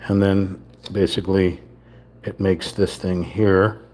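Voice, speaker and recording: A man's voice: low-pitched, little pitch movement, slow pace, mellow. A man giving a casual running commentary while he builds a wooden model kit on a live stream, muttering the steps to himself as he works. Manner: mutters step by step to himself while handling small parts.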